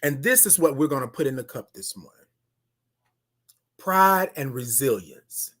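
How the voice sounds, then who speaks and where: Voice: mid-range voice, lively intonation, a little slow, fairly bright tone. An emphatic motivational host talks straight to a livestream audience, with a mid-range voice that rises and falls with lots of life. The delivery is preachy and repetitive, and the host greets viewers by name between points. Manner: emphatic and preachy, repeats key phrases. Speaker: livestream morning show host.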